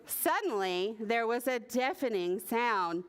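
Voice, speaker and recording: A woman librarian leads a preschool story time, reading a picture book in a sing-song, animated way. Her voice sits a little high and swoops up and down, and she takes it slow and unhurried. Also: smooth. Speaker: children's librarian.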